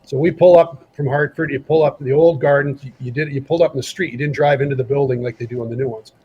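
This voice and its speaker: A man's voice: mid-range voice, fast talker, husky, dull audio. A middle-aged man from Canada, a guest telling stories in a casual interview and acting out the lines he quotes. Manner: animated storyteller who acts out quoted lines. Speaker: guest, former hockey player.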